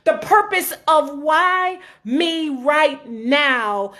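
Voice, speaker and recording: Woman preaching, higher voice, gets loud then drops way down, jokes around. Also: very slow. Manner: dramatic, rising to shouts and dropping low; humorous asides. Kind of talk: informal sermon.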